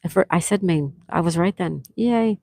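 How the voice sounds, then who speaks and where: Low-voiced woman hosting live trivia. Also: creaky, a little mellow, no room sound. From near Fort Lauderdale, Florida. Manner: chatty, reads out chat names and answers, drawn-out questions. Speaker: trivia livestream host. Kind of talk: casual live-stream chat, reading viewer answers. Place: indoors at home during a thunderstorm.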